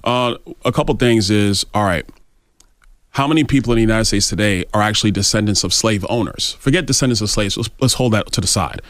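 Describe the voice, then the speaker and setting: Low-voiced, assertive male congressman. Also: a little fast, a bit bright, no room sound, clean studio sound. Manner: assertive, argumentative. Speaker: congressman guest. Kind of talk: radio interview.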